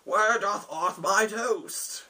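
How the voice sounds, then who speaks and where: A manic, rambling mad king, put on by a man telling his tabletop game, with a pitched-up, husky voice full of theatrical exclamations. He sounds a little distant from the microphone. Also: very slow, bright, forceful tone, heavily acted.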